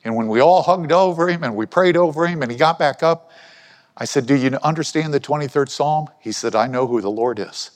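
Preacher with long hall reverb. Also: male voice, on the high side, a little fast. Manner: conversational, asks the congregation questions. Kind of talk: sermon. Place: church hall.

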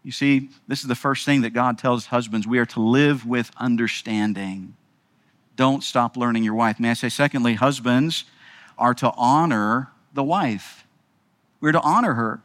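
A middle-aged man preaching a sermon, repeating key phrases with emphasis and moving between quiet, intimate lines and raised, urgent ones. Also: medium pitch, moderate pace, no echo. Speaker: pastor.

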